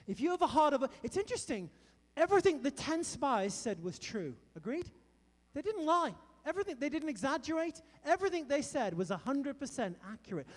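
Man, middle-aged, preacher, sermon, high voice, long hall reverb. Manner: animated storytelling with emphatic outbursts.

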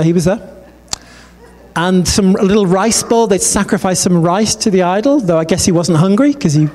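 A man preaching a sermon, telling a story in a conversational, animated way and acting out the dialogue. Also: sits high. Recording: long hall reverb.

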